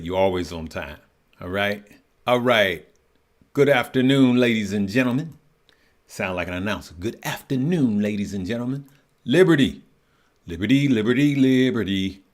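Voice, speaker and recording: Guy running a trading livestream, kinda low voice, laughs a lot, greets chat, thinks out loud on charts. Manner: chatty, laughs often, greets viewers by name; thinks aloud, trails off while checking charts. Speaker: livestream host for stock and crypto trading. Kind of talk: casual live-stream chat reading viewer comments.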